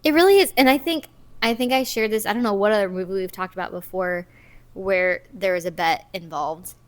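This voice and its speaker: A woman's voice: medium pitch, a little fast. A woman in her thirties co-hosting a podcast, chatting casually and giggling as she trails off mid-sentence. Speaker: podcast co-host. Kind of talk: casual chat recapping a movie.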